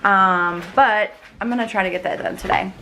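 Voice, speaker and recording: A mid-pitched woman talks casually to her vlog audience from her schoolroom at home. She slows down and reads aloud clearly to her children. A faint hiss sits under the camera mic. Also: bright, forceful tone, low-quality recording. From United States. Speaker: homeschooling mom and vlogger.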